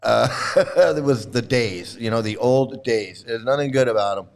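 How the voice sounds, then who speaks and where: A man's voice: medium pitch, vocal fry. Rambling man chatting casually on a livestream. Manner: rambling, halting, many fillers and restarts, laughs often. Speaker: livestream host. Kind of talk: casual chat showing old photos to a live chat.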